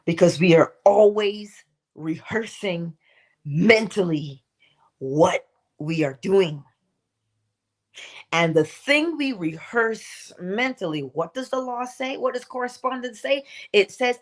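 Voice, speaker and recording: Animated woman giving a motivational talk. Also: mid-range voice, takes it slowly. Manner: asks rhetorical questions and acts out quoted voices; drops to a whisper at times. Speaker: host of a morning inspiration stream.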